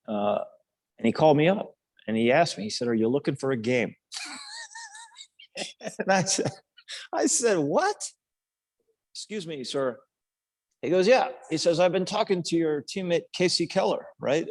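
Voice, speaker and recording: An older man speaks on a podcast in a low, dry close-mic voice. He rambles earnestly through his story, restarting phrases and leaning on fillers as he goes. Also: dry recording. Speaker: podcast guest, former national team player. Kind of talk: casual storytelling interview.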